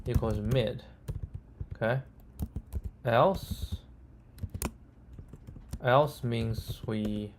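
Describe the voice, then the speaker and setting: Guy live coding and talking it through slow, stops and fixes himself a lot, keys clacking, faint hiss. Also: medium pitch. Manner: halting, self-correcting, frequent "right?" and "okay?". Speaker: coding tutor. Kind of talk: thinking aloud while live coding.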